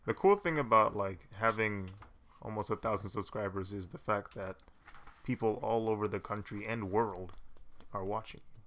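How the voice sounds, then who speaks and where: A young man hosting his channel, chatting casually and quietly with a dry sense of humor while he draws. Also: fairly low pitch, moderate pace. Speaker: channel host. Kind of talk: casual chat while drawing.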